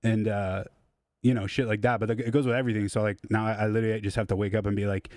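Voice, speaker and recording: A man's voice: fairly low pitch, level tone, fast, darkish tone, no room sound, studio quality. Profane, rambling man on a live stream. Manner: rambling, profane, self-deprecating. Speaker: music producer streaming live. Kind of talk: casual live-stream chat. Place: home studio.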